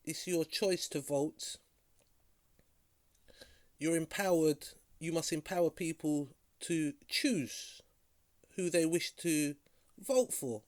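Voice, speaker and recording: A man hosting a video reaction, talking critically in a halting way and often repeating words. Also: a little high, lively intonation, a little mellow, no room sound, clean studio sound. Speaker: vlog host reacting to a clip. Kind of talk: casual reaction commentary.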